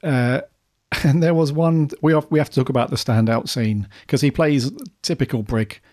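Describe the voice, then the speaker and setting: A man's voice: mid-range voice, fairly even intonation, moderate pace, a little mellow. A man co-hosting a podcast, chatting in a friendly, agreeable way. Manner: friendly, agreeable, says "mate". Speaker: podcast co-host. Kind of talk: casual fan chat.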